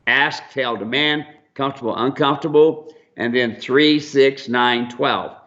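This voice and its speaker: A man's voice: medium pitch, unhurried, a bit bright. A man who trains mules, telling rambling, folksy stories on a radio show. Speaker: mule trainer and ranch owner. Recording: dull lo-fi broadcast audio.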